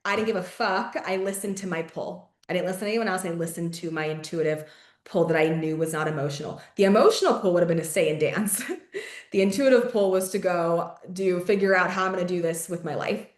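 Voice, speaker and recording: A young adult woman hosting a podcast, telling a personal story in casual chat, heavy on fillers, swearing and quick laughs. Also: lowish voice, reverberant. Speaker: podcast host.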